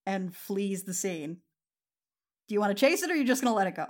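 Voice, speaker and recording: A woman's voice: mid-range voice, fast. A woman acting as game master, calling out rules and narrating the results of attacks. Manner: calm, matter-of-fact rulings.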